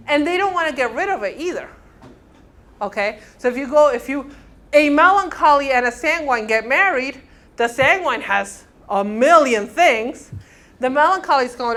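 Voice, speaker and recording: A woman lecturing a counseling class, animated, acting out little dialogues and often checking in with her listeners. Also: sits high, moderate pace. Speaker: counseling instructor.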